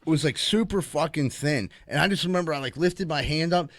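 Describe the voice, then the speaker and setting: A man's voice: a little high, a little fast, fairly bright tone, no echo, clean studio sound. A man co-hosting a podcast, telling a rambling story full of swearing and acted-out quotes. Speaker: podcast co-host. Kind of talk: casual storytelling.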